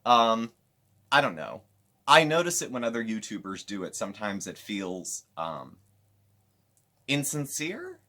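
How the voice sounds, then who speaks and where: A man hosting a casual commentary show, recapping another creator's videos with animated, sarcastic asides. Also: on the low side, unhurried, long pauses. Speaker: commentary channel host.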